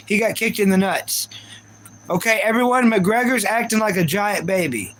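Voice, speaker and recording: A man's voice: high-pitched, normal speed, fairly bright tone, slight background noise, rough recording. A man hosting a casual live stream, ranting in reaction and repeating himself while talking to his chat viewers. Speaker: livestream host.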